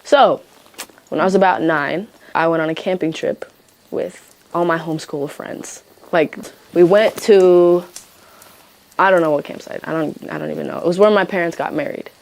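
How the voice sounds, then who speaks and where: Low-voiced young woman rambling casually. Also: fairly even intonation, moderate pace, vocal fry. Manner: rambling, filler-heavy, swears casually, restarts. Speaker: interviewee. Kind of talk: casual anecdote telling.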